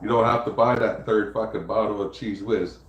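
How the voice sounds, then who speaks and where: Telling long, profanity-filled stories that ramble on, this man hosts a casual livestream chat. He speaks at a normal speed in a lowish, steady voice, captured in a reverberant, lo-fi recording.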